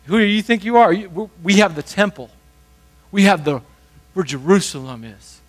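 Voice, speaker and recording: High-voiced, lively male preacher. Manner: conversational, animated, acts out quick voices. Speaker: pastor. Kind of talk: sermon.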